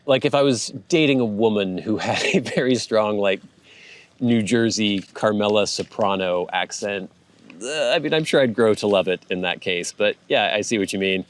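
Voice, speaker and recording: A man's voice: lowish voice, moderate pace. A man hosting a casual show, reading viewer comments aloud and chatting about them in a rambling way with frequent laughs. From United States. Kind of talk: casual chat.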